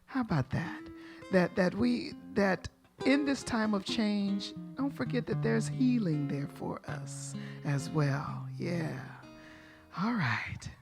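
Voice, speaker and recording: A woman, the music director, making chatty announcements during a church service, often pausing with fillers. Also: mid-range voice, lively intonation, gravelly. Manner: warm, chatty, hesitant with fillers.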